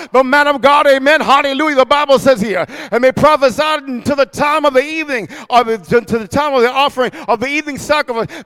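A man preaching a sermon in a sing-song cadence, reading scripture and breaking into shouted, mocking asides with frequent "amen". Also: very high-pitched, quick pace, hardly any pauses, long reverb tail.

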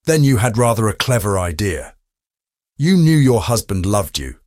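A man's voice: lowish voice, very animated, normal speed, darkish tone, dry recording, clean studio sound. A man doing a wry, confident detective. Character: cool, wry male private detective. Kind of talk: audiobook reading.

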